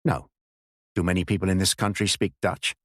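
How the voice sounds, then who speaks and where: A man voicing a rude German spy posing as a Dutch refugee, speaking halting, stiff English with a German accent. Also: low-pitched, flat delivery, no room sound, studio quality. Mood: stiff, offhand.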